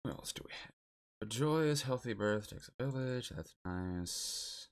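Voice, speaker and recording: A man's voice: mid-range voice, animated, a little slow, smooth. A young man streaming a geography guessing game, chatting casually and musing aloud as he guesses locations.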